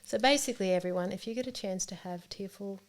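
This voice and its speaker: An Australian woman, a therapist and author, explaining her work in a relaxed interview chat, often laughing. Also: medium pitch, fast talker.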